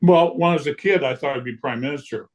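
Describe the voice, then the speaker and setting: A man, a guest telling stories in casual chat, lively and blunt, acting out what people said and swearing freely. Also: fairly high pitch, fast. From Canada. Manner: lively storyteller who acts out quotes and swears freely. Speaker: guest punk musician. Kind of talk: casual storytelling.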